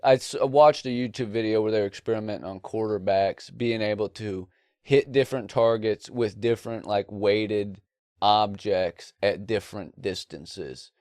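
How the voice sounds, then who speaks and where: A young man with a slightly low voice riffs through casual banter, cutting in with crude jokes and quick quips. He sounds close to the mic in a dry space with no echo. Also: darkish tone. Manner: jokey, quick interjections and crude asides. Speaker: podcast co-host.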